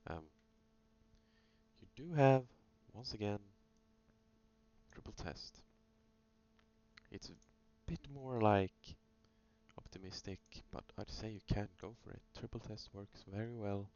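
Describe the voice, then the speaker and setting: A man's voice: on the low side, slow, pauses often, a little mellow. A man casually talking through chart trades in a screen-recorded review, thinking aloud with many fillers. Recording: dull lo-fi sound with faint hum.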